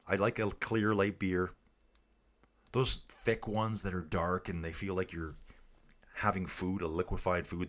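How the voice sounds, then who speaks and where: Chatty low-voiced man doing live commentary. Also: fairly bright tone. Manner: chatty, jokey, reads viewer comments aloud. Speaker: livestream race commentator. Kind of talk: casual live commentary reading chat.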